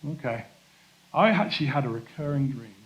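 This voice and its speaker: A man preaching a church sermon in a conversational, self-deprecating way, slowing down to stress key points. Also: medium pitch, animated, muffled recording. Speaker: pastor.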